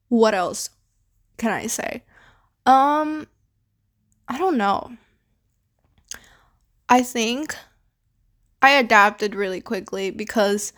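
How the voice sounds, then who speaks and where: A woman's voice: medium pitch, fairly bright tone. A young woman from the Philippines, hosting a podcast, talking casually and rambling with lots of filler words and casual swearing. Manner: rambling, heavy use of fillers like "like" and "you know". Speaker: podcast host. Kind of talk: casual personal monologue.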